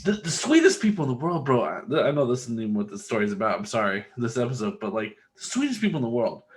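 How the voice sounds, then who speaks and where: A podcast co-host from Texas tells long, rambling stories in casual chat, swearing freely. His voice is medium-pitched and very animated, and he talks quickly.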